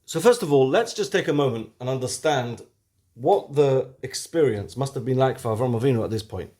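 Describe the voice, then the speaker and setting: Brit guy teaching a weekly torah lesson, lively, loud then quiet, lots of questions. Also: mid-range voice, a little fast. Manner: animated, rhetorical questions, shifts from loud to hushed.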